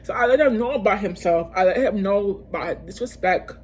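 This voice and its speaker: Woman telling an animated storytime. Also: mid-range voice, slight background noise. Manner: animated, slangy storytelling addressing viewers as y'all; fast bursts with frequent fillers and restarts. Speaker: vlogger telling a personal story. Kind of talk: casual storytime vlog.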